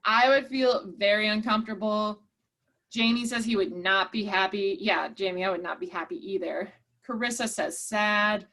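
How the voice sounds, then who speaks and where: A woman's voice: medium pitch, moderate pace, a bit bright. A woman leading an online workshop, encouraging and reading out participants' chat replies. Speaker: workshop presenter.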